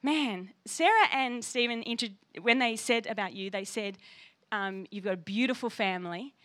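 A woman's voice: a little high, moderate pace, fairly bright tone. A woman pastor preaching a sermon with passion and emphasis, reading scripture aloud.

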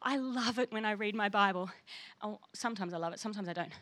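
A woman pastor preaching a passionate, animated sermon, often putting questions to the congregation and acting out quoted voices. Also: mid-range voice, fast. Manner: teacherly, acts out little voices for quoted people.

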